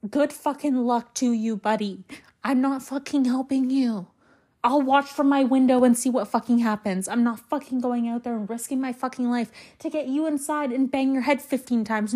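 A young woman hosting a solo podcast, venting angrily and swearing heavily as she tells a story and walks through a list. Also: a little high. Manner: angry, heavy swearing, animated storytelling. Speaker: podcast host.

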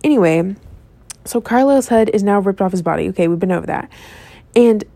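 A woman casually retelling a film scene, rambling and animated, with lots of swearing and filler words. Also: mid-range voice, brisk, vocal fry, no echo. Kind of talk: casual storytelling.

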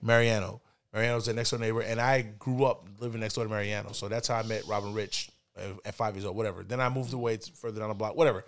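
A man casually telling a long personal story on a podcast, slangy and relaxed, getting animated when he quotes people. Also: on the low side, fast talker. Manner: laid-back, slangy, animated when quoting others. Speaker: podcast co-host. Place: indoors, podcast setting.

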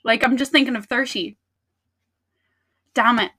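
A woman's voice: on the high side, fairly even intonation, a little slow, pushed and bright, husky. An Irish woman hosting a podcast, chatting in a playful, jokey way. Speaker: podcast host. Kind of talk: casual chat.

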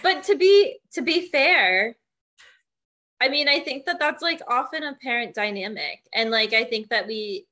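A woman's voice: a little high, expressive, measured pace, pushed and bright. A young woman co-hosting a casual chat podcast, wry and teasing, steering the talk from one topic to the next. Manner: wry, leads the segments, dry teasing. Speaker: podcast co-host.

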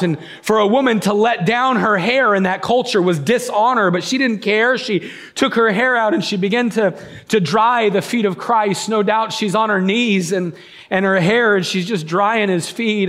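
A man with a high-pitched, somewhat bright voice preaches a sermon, retelling a story in a casual, conversational manner. He restarts his sentences frequently.

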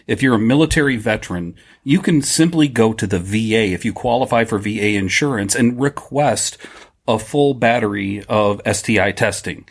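A man co-hosting a podcast, frank and sincere. His voice sits on the low side. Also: moderate pace, husky. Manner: earnest, frank. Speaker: podcast co-host. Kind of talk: casual chat.

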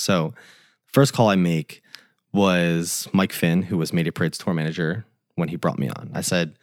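A man's voice: low voice, steady tone, moderate pace, dry recording, studio quality. A young man, a tour photographer, telling a story in a loose, swearing way and acting out the quoted dialogue. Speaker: tour photographer, podcast guest. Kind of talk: casual storytelling.

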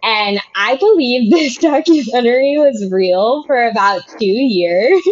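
A woman's voice: fairly high pitch, animated, unhurried. Giggly chatty woman, slightly lo-fi. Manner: giggly, rambling storyteller with many fillers. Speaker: podcast co-host. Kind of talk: casual chat.

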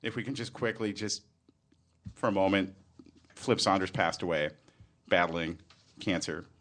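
Upbeat low-voiced man hosting. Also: unhurried, fairly bright tone. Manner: upbeat, jokey. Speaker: podcast co-host. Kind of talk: casual chat.

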